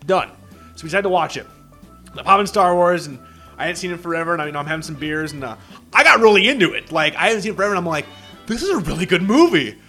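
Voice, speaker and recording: Fast-talking, bright-voiced man telling stories. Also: fairly high pitch, soft background music. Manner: profane, rambling storyteller with many restarts. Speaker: podcast co-host. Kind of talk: casual chat.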